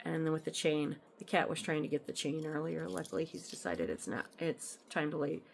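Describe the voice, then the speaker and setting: A woman's voice: low-pitched, brisk, gravelly, slight background noise. A woman chatting casually at home as she shows off her cross-stitch finds, rambling into asides with frequent ums. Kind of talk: casual show-and-tell chat. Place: at home in an apartment.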